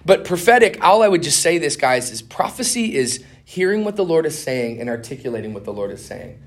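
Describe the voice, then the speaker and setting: A middle-aged man teaches a conference session like a casual talk. He tells stories in a rush, dropping "man" and "dude" as he goes, his voice jumping from hushed asides up to excited highs. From Minnesota. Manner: animated, fast-talking, lots of "man" and "dude" slang. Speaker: speaker teaching a conference master class on evangelism.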